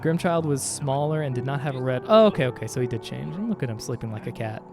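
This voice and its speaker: Here a streamer plays a video game and chats casually with viewers, joking around and reading lines of game dialogue out loud. His medium-pitched voice is gravelly and lively, moving at a quick pace over faint game music.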